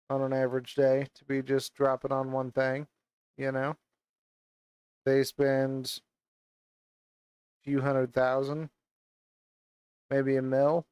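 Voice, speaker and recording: With a darkish, smooth, medium-pitched voice, a man delivers an angry, swearing rant while playing a game in a VR headset, venting the way gaming vloggers do. He uses a gaming mic, and there's no echo.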